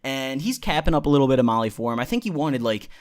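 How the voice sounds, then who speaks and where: A man's voice: mid-range voice, expressive, fast talker. A young man vlogging a casual, rambling, profane story with lots of energy.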